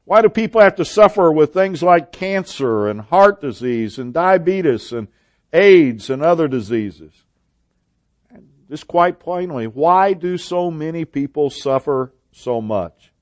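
A pastor preaching in a slow, deliberate cadence, his voice sitting a little high for a man. He restarts phrases now and then as he works through the passage. The sound is dry and close, with no room around it. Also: expressive, darkish tone, dry recording. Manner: measured preaching with hesitant restarts. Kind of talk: sermon.

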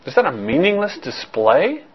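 A man's voice: fairly high pitch, expressive, moderate pace, lo-fi sound. A man preaching with a slightly raised voice, earnest and searching. He asks his listeners direct questions, doubles back on his own words and pushes each point home. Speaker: pastor. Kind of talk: sermon.

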